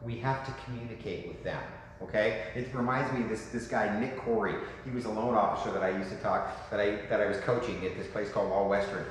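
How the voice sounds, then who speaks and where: A man in his fifties coaching a room of real estate agents in a lively, joking way, asking "right?" often. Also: fairly low pitch, quick pace. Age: 50s. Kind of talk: talk to a room. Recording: echoey hall with faint noise.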